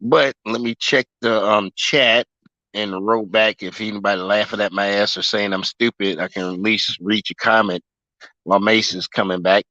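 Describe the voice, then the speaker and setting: A man's voice: lowish voice, fairly even intonation, moderate pace, bright, forceful tone, no echo, highs cut off. Fuming man ranting on a livestream. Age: 40s. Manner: fuming, swearing, emphatic. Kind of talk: ranting sports livestream chat.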